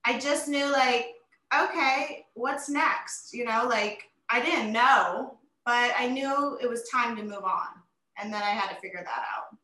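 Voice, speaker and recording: Woman, forties, bright voice, fairly high, animated storyteller, roomy echo. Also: normal speed. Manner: animated, emotional storytelling with many fillers. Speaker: interview guest, retired wrestler. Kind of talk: casual interview chat.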